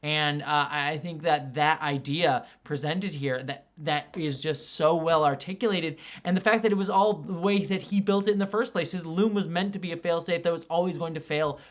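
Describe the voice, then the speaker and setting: A woman hosting her own review channel, talking casually through a show's finale. She rambles with lots of fillers and acts out quoted lines in quick, lively bursts. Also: low-pitched. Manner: rambling, filler-heavy, animated when excited. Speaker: film and TV reviewer, channel host. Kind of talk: casual video review commentary.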